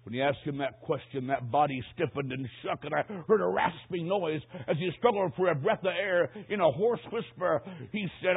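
Husky preacher man, tinny recording. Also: fairly high pitch, moderate pace, few pauses. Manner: dramatic storytelling, dropping to hushed tones and rising to shouts. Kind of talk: sermon story. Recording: tinny phone-like sermon recording.

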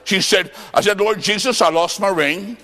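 A male preacher delivering a revival sermon, swinging from loud shouts to low, quiet lines. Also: normal speed, in a large hall. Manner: preaching with sudden shouts and drops to low tones. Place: church sanctuary.

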